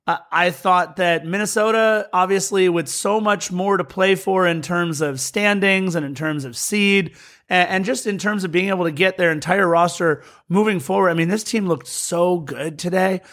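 A man with a notably high voice co-hosts a casual soccer podcast. He runs through match results in a brisk, wry manner, throwing in jokes as he goes. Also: a bit bright. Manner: quick, jokey recap delivery. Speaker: podcast co-host. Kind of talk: casual sports podcast chat.

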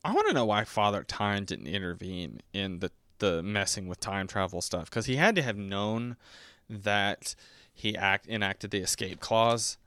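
A man in his twenties chatting casually about a movie, rambling and self-mocking, often breaking into squeaky high put-on voices. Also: very animated, a little slow, pushed and bright, clear, resonant tone, no echo. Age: 20s. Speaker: podcast host reviewing a movie.

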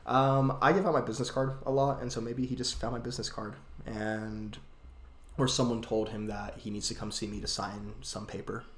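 A man's voice: mid-range voice, little pitch movement, normal speed, slight background noise. Rambling young man in an echoey room. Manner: rambling, many fillers and restarts. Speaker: podcast host. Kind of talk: casual chat and storytelling.

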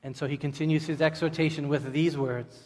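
A man's voice: fairly high pitch, steady tone, a little fast, a little mellow. A male pastor preaching a sermon to his congregation, stressing points by repeating phrases. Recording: long hall reverb.

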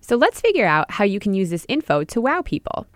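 A woman hosting an educational podcast, explaining ideas clearly in scripted narration and speaking straight to the listener. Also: mid-range voice, very animated, brisk, no room sound, studio quality. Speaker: podcast host and music teacher.

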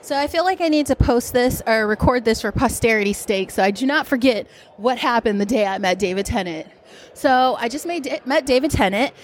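A woman podcast host talks into a phone or recorder in a convention hall, gushing and breathless with excitement. Her voice runs high and bright, with faint background noise. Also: fairly quick.

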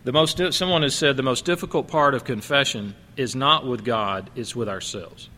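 A middle-aged man preaches from the pulpit in an easy, conversational way, breaking off for small laughs and acting out quoted lines. His voice is bright and forceful, with a long church-hall reverb trailing each phrase. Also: mid-range voice, moderate pace, a little hiss or hum. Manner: conversational, laughing asides, quoting others in changed voices. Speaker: pastor. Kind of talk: sermon. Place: church sanctuary.

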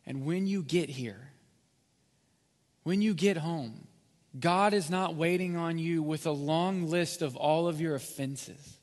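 A man preaching a sermon as pastor, rising to loud peaks and dropping to near whisper. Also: a little high, slow. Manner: builds from quiet to loud, then drops to near whisper. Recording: long hall reverb.

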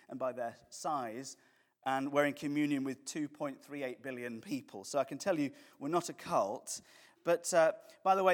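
Upbeat joking pastor. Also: male voice, fairly high pitch. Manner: humorous, conversational preaching with jokes and acted quotes. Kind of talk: sermon.

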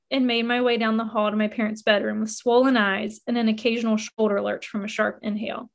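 A woman narrating a first-person memoir in an expressive reading that rises with emotion. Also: on the high side.

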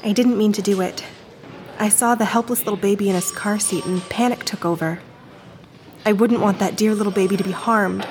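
A shaky, quiet, pleading voice of a grieving woman who has snatched a baby, as an actress plays her in an audio drama. She speaks at a middling pitch for a woman, unsteady and hushed. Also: fairly even intonation, brisk, slight background noise, close to an everyday voice. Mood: distraught confession.

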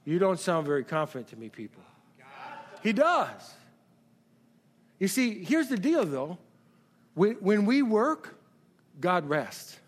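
A middle-aged man preaching a sermon as pastor, calling out questions to the congregation and building to shouts. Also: high-pitched, big pitch swings, slow, long pauses. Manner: call-and-response preaching, rises to shouts. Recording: long hall reverb.

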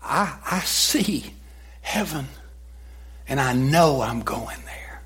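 A preacher whispering as a serene dying martyr. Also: male voice, mid-range voice, lively intonation, slow pace, a bit bright, breathy edge, full character voice.

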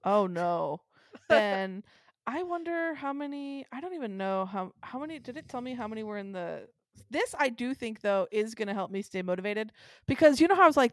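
A woman co-hosting a podcast drifts from thought to thought, filling pauses with ums and laughing often. Her voice sits fairly high, and the sound is close and dry with no room echo. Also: lively intonation. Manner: rambling, with many ums and frequent laughs. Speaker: podcast co-host. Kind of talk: casual chat.

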